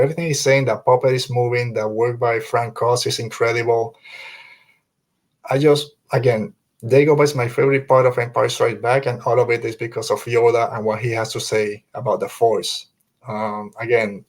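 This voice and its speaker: A man's voice: medium pitch, steady tone, normal speed. A man hosting a fan podcast, talking earnestly and emphatically, quoting film lines and repeating himself to drive a point home. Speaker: podcast host.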